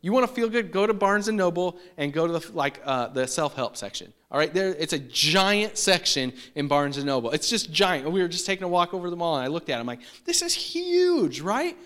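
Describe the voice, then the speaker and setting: A man preaching a sermon in an animated, emphatic way, acting out the people he quotes. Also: fairly high pitch, a little fast, few pauses, clean tone. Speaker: pastor.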